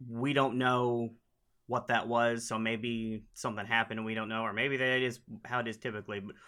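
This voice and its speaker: A man's voice: mid-range voice, sharp tone. A man from Oklahoma with an Oklahoma accent, chatting as a friendly, rambling podcast guest. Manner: friendly, rambling, laughs easily. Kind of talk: casual interview chat.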